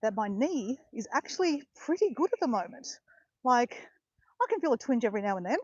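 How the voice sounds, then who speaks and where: A woman's voice: on the high side, big pitch swings, a little fast, dry recording, lo-fi sound. Chatty woman vlogging on a walk. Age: around 50. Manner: chatty and rambling, correcting herself as she goes. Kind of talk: casual walking vlog chat. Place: outdoors in botanical gardens, walking.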